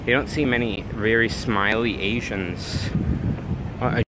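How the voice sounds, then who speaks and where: A man's voice: lowish voice, fairly even intonation, slow pace. A man live streaming as he walks a city, chatting in loose, rambling asides to viewers. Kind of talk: casual walking live stream commentary. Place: busy city street outdoors. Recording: clear city street noise behind. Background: traffic and street ambience.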